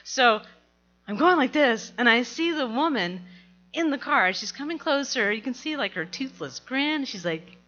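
A middle-aged woman telling a personal story to an audience, animated and laughing as she goes. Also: sits high, moderate pace, lo-fi sound.

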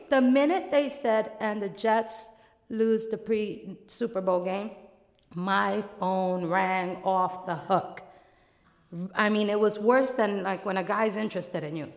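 A woman from the Bronx, telling an animated personal story and laughing often. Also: mid-range voice, takes it slowly. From the Bronx, New York. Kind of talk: storytelling monologue. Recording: echoey hall with long reverb.

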